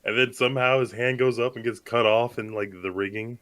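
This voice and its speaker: A man's voice: medium pitch, steady tone, brisk, a bit bright. A man co-hosting a movie podcast, chatting casually, rambling and joking with lots of fillers. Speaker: podcast co-host. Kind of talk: casual chat.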